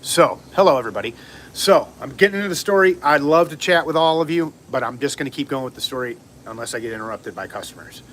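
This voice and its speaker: A man telling a long story on a casual livestream, rambling and animated, acting out what people said. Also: mid-range voice, fast talker, a little hiss or hum. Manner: rambling, animated, acts out quotes.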